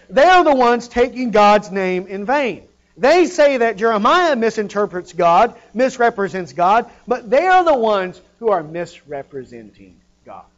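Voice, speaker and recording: Male preacher, high voice, impassioned sermon, loud peaks and quiet drops, dull lo-fi sound. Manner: impassioned, rising to loud emphatic peaks then dropping low.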